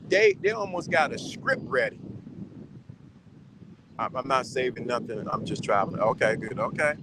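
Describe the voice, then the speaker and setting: A man's voice: mid-range voice, very animated, normal speed, pauses often, noisy background. A man giving casual advice to viewers, talking sternly and repeating his points with lots of restarts. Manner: rambling with many restarts.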